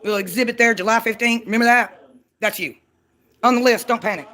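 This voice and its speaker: A woman's voice: fairly high pitch, fast talker, sharp tone. Taunting woman ranting. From Mississippi, US. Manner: combative, taunting, mocking. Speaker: channel owner. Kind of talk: ranting call-out vlog.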